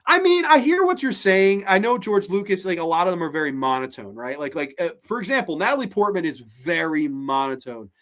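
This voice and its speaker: A host in their late twenties, chatting casually on a live stream, animated, swearing freely and often restarting sentences. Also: mid-range voice, brisk, hardly any pauses. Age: late 20s. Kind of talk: casual live stream chat, reacting to viewer comments.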